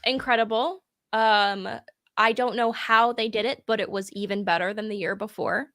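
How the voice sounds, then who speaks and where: A woman's voice: mid-range voice, steady tone, moderate pace, a bit bright, dry recording, clean studio sound. A woman co-hosting a call-in dating show in casual chat, bubbly and blunt, laughing often and swearing freely while sipping whiskey. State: drinking whiskey.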